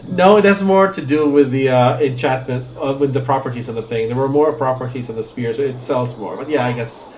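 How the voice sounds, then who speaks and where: A man's voice: medium pitch, brisk, darkish tone, a little hiss or hum. Rambling man chatting during a let's play. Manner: rambling, joking, chatting with viewers. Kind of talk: casual gameplay commentary.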